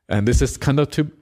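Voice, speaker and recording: A monk giving a Buddhist dharma talk, retelling a scripture story with many "uh" fillers and acted-out quotes. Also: male voice, mid-range voice, mellow.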